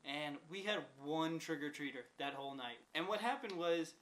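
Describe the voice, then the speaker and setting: A man's voice: a little high, animated, moderate pace, fairly bright tone, a little hiss or hum, low-quality recording. A young adult man telling a rambling, profane story in a casual vlog, full of "like" fillers. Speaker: vlogger.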